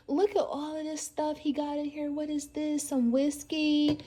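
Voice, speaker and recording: Chatty excitable woman vlogger, noisy phone audio. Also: high voice, a little slow. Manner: chatty and excitable, squeals and gasps when thrilled. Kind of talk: casual vlog chat.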